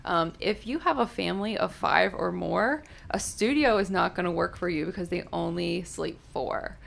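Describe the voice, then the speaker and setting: Woman with a lowish, creaky voice. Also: lively intonation, normal speed. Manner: chatty, personal anecdotes. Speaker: podcast co-host. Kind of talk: casual podcast chat.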